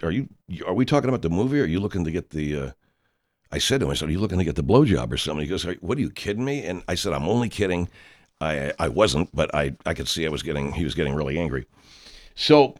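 A man playing a pompous, self-important horror film director who rambles through an anecdote and talks about himself in the third person. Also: low-pitched. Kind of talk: comedic character monologue.

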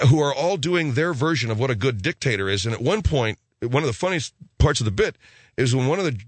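Chatting loosely about listener mail, a middle-aged man hosting a radio show speaks in a mid-range, fairly bright voice, frequently repeating himself and restarting words. There's no room sound.

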